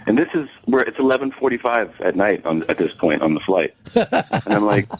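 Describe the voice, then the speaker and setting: Lively low-voiced male comedian telling a story. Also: normal speed, poor audio. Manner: animated, profane, acts out quoted dialogue, laughs mid-story. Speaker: guest comedian. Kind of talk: storytelling anecdote on a talk show.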